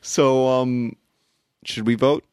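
A man's voice: medium pitch, fairly even intonation, slow, a little mellow, smooth, dry recording, studio quality. A man hosting a casual movie podcast, enthusiastic, laughing often and swearing casually. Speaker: podcast host.

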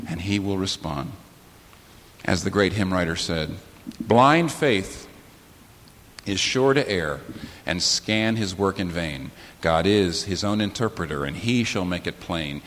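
A man preaching a sermon as the pastor, swinging from low, slow, weighty phrases to sudden high, loud outbursts. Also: lively intonation. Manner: impassioned preaching with sudden rises in pitch and volume and slow, weighty pauses. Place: church sanctuary. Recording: sermon in a large reverberant hall with faint hiss.

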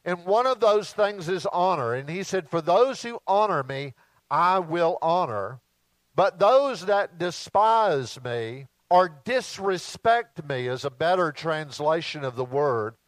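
A man preaching a sermon as a visiting preacher, slow and emphatic with dramatic pauses. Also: on the high side, expressive, no echo.

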